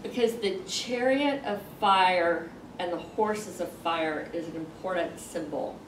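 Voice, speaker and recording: A woman leading a Sunday school lesson, explaining a Bible passage in a conversational way with pauses and fillers. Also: fairly low pitch. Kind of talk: Bible class teaching. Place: classroom with a group. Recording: roomy, distant mic, faint noise.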